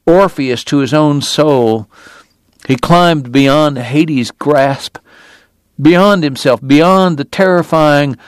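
A man's voice: fairly high pitch, slow pace, smooth, no room sound. A man narrating an audiobook in a lyrical, dramatic style that builds in intensity.

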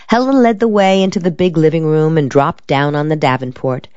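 Female audiobook narrator, low voice, measured, dry dull lo-fi sound. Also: a little mellow, clear, resonant tone, no room sound. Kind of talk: scripted narration of a novel.

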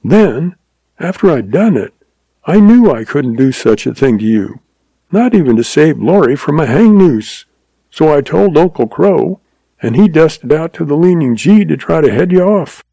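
A man reading aloud voices a young woman who speaks earnestly with a breathy catch in her voice. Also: medium pitch, very animated, slow, pauses often, dark tone, no room sound, voice pushed up, heavily acted, low-quality recording.

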